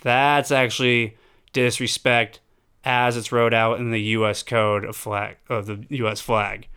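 A man's voice: medium pitch, level tone, unhurried, sharp tone, clear, resonant tone. Emphatic man ranting. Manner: emphatic, profane, rhetorical questions. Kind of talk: opinionated monologue.

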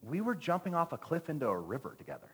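Playful preacher with a lively voice. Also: male voice, a little high, quick pace, slightly rough. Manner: playful, joking with the congregation. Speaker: pastor. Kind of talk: lively sermon with stories. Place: church sanctuary. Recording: long church hall reverb.

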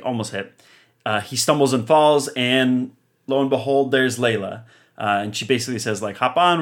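A young man on a casual podcast, retelling a show's plot with an animated, chatty delivery. His voice sits at an ordinary middle pitch. He laughs easily between points. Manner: animated storyteller, laughs often. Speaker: podcast co-host. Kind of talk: casual chat, recapping an episode.

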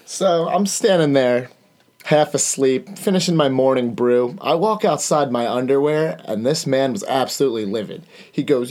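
Casting: young male guest, mid-pitched, relaxed, deadpan-earnest storyteller. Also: normal speed. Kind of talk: casual storytelling chat.

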